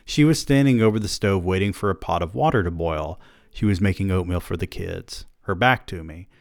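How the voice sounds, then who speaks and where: A man hosting a podcast, reading first-person fiction aloud with measured, even narration. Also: deep voice, vocal fry, no echo, clean studio sound.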